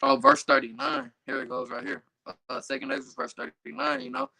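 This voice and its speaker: Gravelly, bright-voiced man reading scripture. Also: very high-pitched, little pitch movement, a little fast, rough recording. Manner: reads verses, then riffs loosely with many fillers; stumbles over hard words. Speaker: Bible study reader. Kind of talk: casual scripture reading and commentary.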